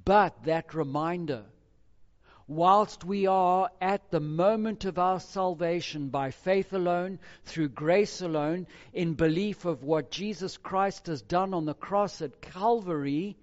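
A man preaching a sermon verse by verse, emphatic, moving between loud stressed phrases and quiet, low asides. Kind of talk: expository sermon. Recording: dull lo-fi recording with hall reverb.

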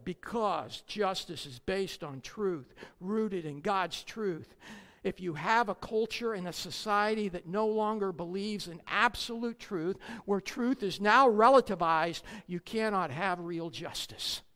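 A preacher delivering a sermon, emphatic, swinging between loud declamation and quiet asides, with sarcastic jabs and rhetorical questions. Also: medium pitch, lively intonation, slow pace, long reverb tail.

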